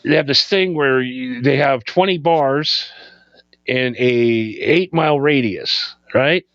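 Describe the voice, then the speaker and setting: A podcast co-host rambles through casual stoner chat in a laid-back, loose and profane way. His medium-pitched, fairly bright voice moves slowly, with no room sound and a slightly dull lo-fi quality to the recording.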